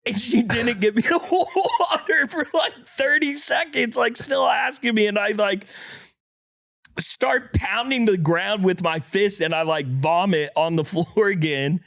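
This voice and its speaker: A man co-hosting a podcast with a congested chest, telling a story in casual chat and acting out quotes in a shrill voice. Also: measured pace, a bit bright, no room sound, studio quality. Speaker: podcast co-host.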